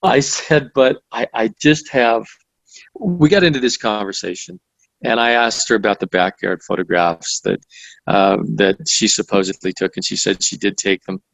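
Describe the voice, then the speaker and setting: A man's voice: fairly low pitch, moderate pace, creaky, a bit bright, no room sound, low-quality recording. A man, the guest author, recounting stories in conversational interview style, with frequent restarts and fillers. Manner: storytelling with many restarts and fillers.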